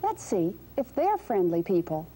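A woman hosting a children's show, gently asking young viewers questions. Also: medium pitch, big pitch swings, normal speed, husky. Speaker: children's TV host.

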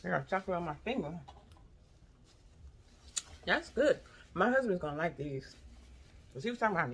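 A woman's voice: fairly low pitch, slow pace, pauses often, a little hiss or hum. Lady vlogging a taste test, says y'all a lot, voice bouncing all over, mouth full sometimes. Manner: chatty and expressive, says "y'all" often; talks with her mouth full while chewing. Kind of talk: casual haul vlog, taste-testing.

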